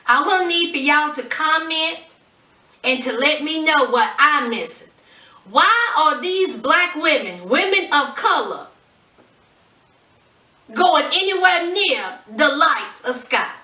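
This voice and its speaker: Brief: woman reality-show reviewer, sassy and exasperated, unhurried delivery, roomy sound. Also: high voice, expressive, sharp tone, far from the mic. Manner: sassy, exasperated, keeps calling viewers honey. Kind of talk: casual chat review. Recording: echoey room, voice off-mic.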